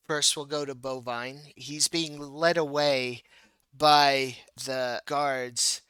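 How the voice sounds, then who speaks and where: A man's voice: medium pitch, fairly even intonation, extremely slow, pushed and bright, clean tone, no room sound. A man running a tabletop game as game master, narrating scenes playfully with laughs and restarts.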